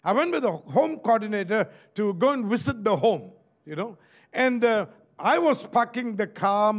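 A man's voice: high voice, animated, normal speed. A man with a Malaysian English accent preaching a sermon as pastor, calling out to his listeners for amens and asking them questions. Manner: preachy, calls out for amen and asks the crowd questions.

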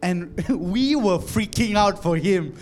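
A man from Malaysia preaching a sermon, telling an animated story with many repeated phrases that builds to fervent exclamations. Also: high-pitched, slow. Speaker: pastor.

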